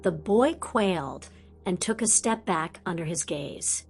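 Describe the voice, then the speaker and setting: A woman reading a fan-written audiobook as narrator, in a steady scripted narration. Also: fairly low pitch, measured pace, creaky, faint music behind.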